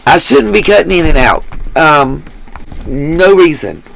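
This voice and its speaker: A woman's voice: deep voice, expressive, unhurried, gravelly, slight background noise, rough recording. A woman hosting her own live stream, ranting angrily and with lots of swearing as she talks straight to her chat. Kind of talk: angry live-stream rant. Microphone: headset mic.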